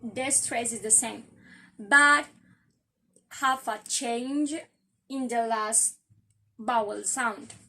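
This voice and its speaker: Woman, young adult, Colombian Spanish accent, slow careful explaining, bright tone. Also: a little high. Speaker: student presenter. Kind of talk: class presentation on word stress.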